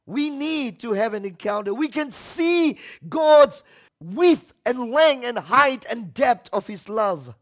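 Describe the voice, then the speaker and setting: A middle-aged male pastor preaching a sermon, repeating key phrases and swinging from soft asides to shouted exhortation. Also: very high-pitched, lively intonation, slow pace.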